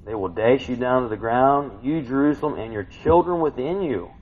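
A man preaching a sermon, swinging between hushed reading and loud excited outbursts. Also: mid-range voice, moderate pace. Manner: animated, swings from hushed to shouting. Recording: dull lo-fi recording.

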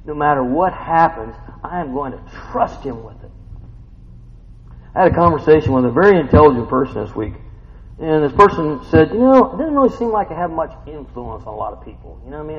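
A man delivers a sermon in a chatty, storytelling way, peppering it with rhetorical questions. His fairly high voice leaps up and down with animated expression. The sound is dull and muffled, with a long reverb trailing off the walls of a large hall. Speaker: preacher.

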